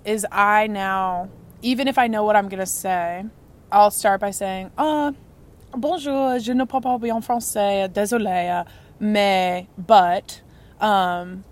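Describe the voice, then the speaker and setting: Young woman on a chatty podcast, gets really animated, does little voices for other people. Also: medium pitch. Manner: animated storyteller, acts out other people's lines. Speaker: interview guest. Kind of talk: casual podcast interview.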